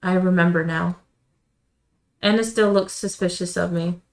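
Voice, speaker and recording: A woman streamer reading a visual novel aloud in quiet, measured first-person narration. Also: on the low side, steady tone, rough recording. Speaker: let's-play streamer.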